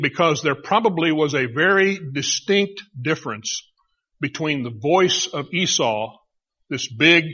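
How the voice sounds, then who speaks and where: A middle-aged male pastor delivers a sermon in a chatty, storytelling manner. His voice is bright and somewhat high with a husky grain. The recording sounds dull and lo-fi. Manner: conversational storytelling, animated retelling.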